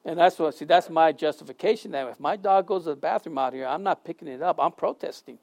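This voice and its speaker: High pitched guy preaching a sermon, chatty, emphatic, repeats himself for effect. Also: quick pace, gravelly. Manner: animated, storytelling with sudden loud and soft swings. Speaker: pastor. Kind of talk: conversational sermon.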